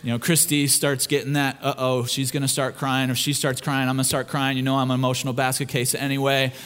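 A man preaching a sermon in church, telling family stories with lively acted voices and praying in an earnest tone. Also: mid-range voice, fast talker. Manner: animated storyteller who acts out his family's voices; turns hushed and earnest in prayer. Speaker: pastor. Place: church service.

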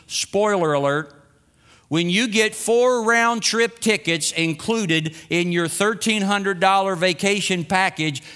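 Man, middle-aged, bright ringing tone, self-mocking storyteller, long reverb. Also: high voice, clear, resonant tone. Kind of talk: personal anecdote told to an audience.

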